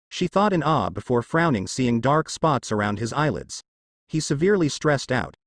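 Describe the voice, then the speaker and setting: A man reading a fanfiction story aloud as steady, scripted narration. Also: mid-range voice, no echo, studio quality.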